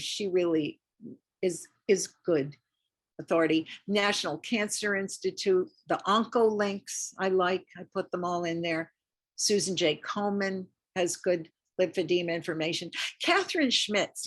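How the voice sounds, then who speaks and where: An older woman lecturing at a community health talk, chatty and encouraging, often repeating herself for emphasis. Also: lowish voice. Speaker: lymphedema lecturer. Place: community center lecture room.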